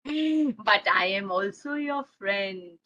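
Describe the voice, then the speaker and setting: Calm friendly anger monster, as a woman puts it on. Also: mid-range voice, lo-fi sound, pitched below the performer's own voice. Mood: soothing. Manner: slow, soothing, reassuring.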